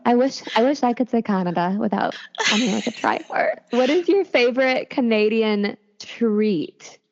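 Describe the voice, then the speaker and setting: A woman's voice: on the high side, animated, normal speed, a little mellow, dull audio. A woman hosting a podcast, playful and enthusiastic as she interviews a guest. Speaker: podcast host.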